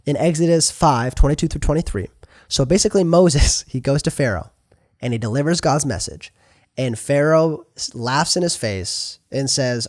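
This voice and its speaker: A young man preaching a sermon in a lively, conversational way, asking his listeners questions. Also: medium pitch, normal speed, no room sound, clean studio sound.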